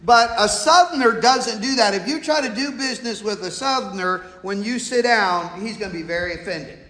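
High-voiced preacher in an echoey hall. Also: male voice, moderate pace, pushed and bright. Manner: folksy, conversational, asks the congregation questions. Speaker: pastor. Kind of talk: sermon with scripture reading. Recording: echoey hall with long reverb.

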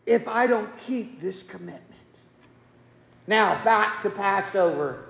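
A man's voice: extremely high pitch, sing-song, slow pace, gravelly. A man preaching a sermon, telling the story in a folksy way and acting out the quotes. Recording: echoey hall.

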